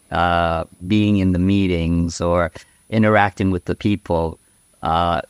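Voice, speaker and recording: A frank, outspoken man chats as an interview guest, rambling through stories with fillers and tag questions. His voice sits fairly low. The sound is dry and close, with no room around it. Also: clean tone, dry recording. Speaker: podcast guest. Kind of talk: casual conversational storytelling.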